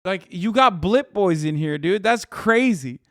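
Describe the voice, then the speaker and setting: Profane, high-voiced male streamer. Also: measured pace, no room sound, clean studio sound. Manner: profane, animated, mocking. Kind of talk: reaction commentary.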